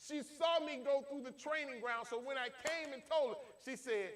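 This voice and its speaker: Male preacher, strikingly high pitch, folksy and emphatic storytelling from the pulpit. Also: moderate pace, few pauses, noisy background. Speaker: pastor. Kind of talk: sermon. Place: church.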